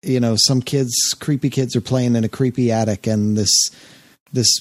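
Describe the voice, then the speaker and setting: A man's voice: medium pitch, fairly even intonation, moderate pace, a little mellow, no room sound. A man co-hosting a casual podcast, chatting in a rambling way with frequent restarts and asides. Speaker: podcast co-host. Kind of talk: casual chat.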